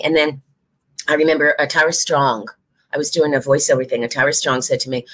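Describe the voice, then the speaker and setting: A guest actress from the United States speaks a little fast in a casual interview, her voice fairly low. She is animated and laughs easily, slipping into other people's voices whenever she quotes them.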